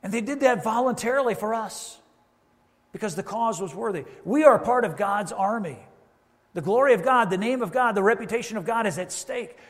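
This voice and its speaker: A man's voice: sits high, animated, fairly quick. A man preaching a sermon as pastor, conversational, with asides and quoted voices. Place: church sanctuary. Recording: reverberant church hall.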